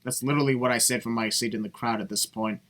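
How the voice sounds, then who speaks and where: A man's voice: medium pitch, fairly even intonation, fast talker, fairly bright tone, slight background noise. A man giving sarcastic voice-over commentary, blunt and mocking, swearing freely. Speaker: video commentator.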